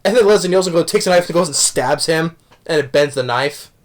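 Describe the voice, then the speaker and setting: A man's voice: fairly high pitch, a little fast. A man casually reviewing a movie, rambling with many restarts and self-corrections, chuckling as he recounts the jokes.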